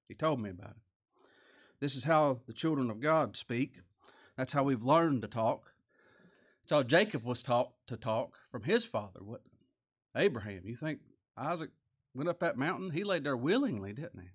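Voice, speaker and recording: A man's voice: medium pitch, sing-song, normal speed, a bit bright, husky. A man preaching a folksy, earnest sermon, reading scripture aloud. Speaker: pastor.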